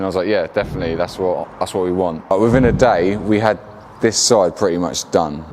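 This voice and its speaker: A man from England narrates casually, his voice sitting low and easygoing. He drops slang and fillers as he goes. Traffic and city sounds are clearly heard behind him outdoors. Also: fairly even intonation, brisk. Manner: laid-back, slangy storytelling with fillers. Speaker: BMX rider and builder.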